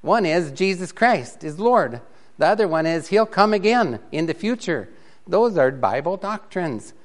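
A man teaching a Bible doctrine class in a relaxed, conversational way, often chuckling. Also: high-pitched, unhurried. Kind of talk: classroom lecture.

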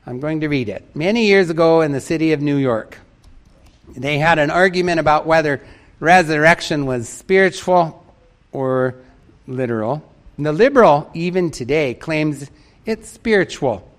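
A man's voice: a little high, lively intonation, moderate pace. Emphatic man preaching a sermon. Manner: emphatic, repeats key phrases for stress. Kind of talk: sermon with a read-out story.

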